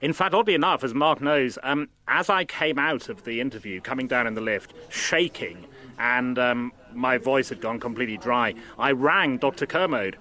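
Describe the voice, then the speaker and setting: A man's voice: mid-range voice, normal speed, sharp tone. A male radio presenter telling a self-mocking anecdote in chat, with hesitant restarts.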